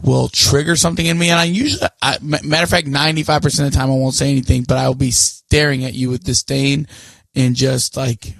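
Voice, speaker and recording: A man's voice: mid-range voice, level tone, fast talker, creaky, fairly bright tone, no room sound. A man co-hosting a casual podcast chat, ranting bluntly with plenty of swearing. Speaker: podcast co-host.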